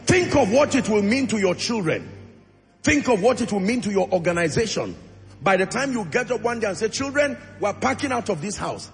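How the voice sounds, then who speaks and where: Preaching man with a lively high voice. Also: a little fast. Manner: preaching, rising to shouted prayer, acting out dialogue. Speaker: pastor. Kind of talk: sermon. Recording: music under voice in a large reverberant hall.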